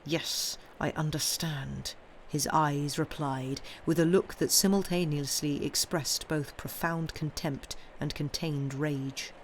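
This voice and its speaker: A woman narrating a classic novel live in a slow, measured reading voice. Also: sits low, steady tone, slight background noise. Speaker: audiobook reader. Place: home streaming setup.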